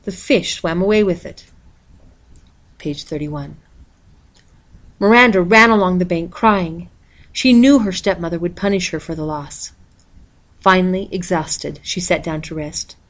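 A woman reading a picture book aloud in a steady, expressive storytelling voice. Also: lowish voice, measured pace, pauses often. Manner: steady, expressive, reads page numbers aloud. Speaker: storybook reader.

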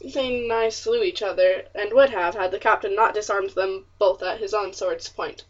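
A woman's voice: medium pitch, steady tone, normal speed, close to an everyday voice. Brief: smug young colonial man, blunt delivery, read by a woman, muffled lo-fi audiobook sound. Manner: blunt, matter-of-fact, old-fashioned speech.

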